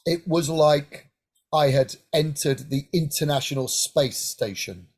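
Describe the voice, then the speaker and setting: A middle-aged man from Hampshire, England, telling lively stories in an interview and often checking in with "right?". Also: fairly high pitch, a little slow, slightly rough. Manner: animated anecdotal, frequent "right?" asides. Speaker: guest singer-songwriter. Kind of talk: casual interview storytelling.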